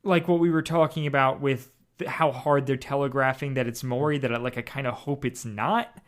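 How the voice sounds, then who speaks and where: A man co-hosting a podcast, chatting casually about an audio drama in an animated, rambling way full of restarts. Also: medium pitch, fairly quick. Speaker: podcast co-host.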